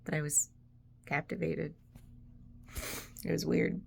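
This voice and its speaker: A woman's voice: low-pitched, fairly even intonation, takes it slowly, gravelly, a little hiss or hum. A woman vlogger talking in a casual, rambling way, full of "like"s and easy laughs. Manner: rambling, chatty, laughs often, many "like"s. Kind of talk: casual reflective monologue.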